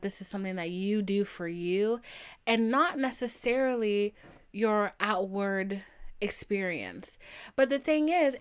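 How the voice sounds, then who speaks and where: With a smooth voice, this young woman hosts a podcast and narrates stories casually and with animation. Her monologue alternates between low murmurs and excited bursts.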